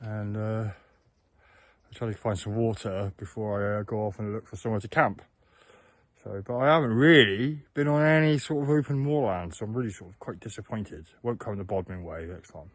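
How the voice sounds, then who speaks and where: A man from south-west England keeps a rambling, halting hiking diary outdoors, full of fillers and restarts. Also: lowish voice, no echo, low-quality recording. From Plymouth, south-west England. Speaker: hiker and vlogger. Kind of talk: casual spoken hiking diary. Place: outdoors on open moorland and in woodland. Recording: outdoor camera audio with wind noise.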